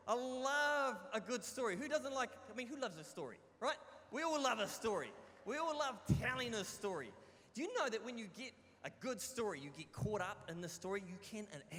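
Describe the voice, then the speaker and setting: A middle-aged man with a New Zealand accent, telling stories as the speaker at a youth camp sermon, playful and loud to the crowd. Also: sits high. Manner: lively, shouts to the crowd, playful storyteller. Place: large hall. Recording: reverberant hall.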